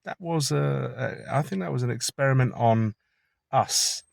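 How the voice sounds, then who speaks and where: A man's voice: mid-range voice, measured pace, vocal fry, no echo. A man talking in a chatty, rambling, conspiratorial monologue from inside his car. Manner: chatty, conspiratorial, swears casually. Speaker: vlogger.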